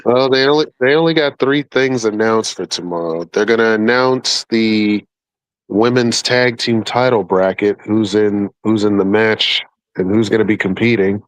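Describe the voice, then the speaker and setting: A man's voice: on the low side, normal speed, no echo, low-quality recording. A man co-hosting a wrestling podcast, talking casually and with some swearing. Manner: laid-back, profane, informative. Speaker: podcast co-host. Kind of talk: casual chat.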